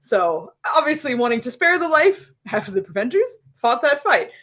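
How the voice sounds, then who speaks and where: A woman's voice: high voice, sing-song, moderate pace, a bit bright. A woman running a homebrew tabletop game, recapping the last session in a chatty way with many fillers. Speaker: dungeon master.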